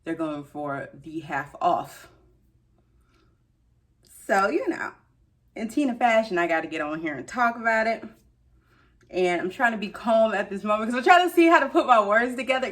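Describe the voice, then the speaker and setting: A woman's voice: mid-range voice, animated, moderate pace, pauses often, a bit bright. A woman, ranting in a casual vlog and talking straight to her viewers with slangy asides. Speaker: beauty shopping vlogger.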